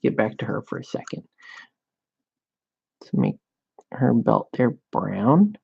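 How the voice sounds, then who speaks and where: Slow gravelly man, dull lo-fi sound. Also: medium pitch, sing-song. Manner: laid-back, joking, swears casually. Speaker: miniature painter. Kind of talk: casual chat while painting.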